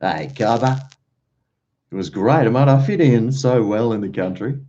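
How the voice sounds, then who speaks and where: A man's voice: medium pitch, expressive, moderate pace, warm tone. An Australian man hosting a live stream at home, rambling casually to viewers, full of slang and "mate". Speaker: livestream host. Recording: dull lo-fi stream audio.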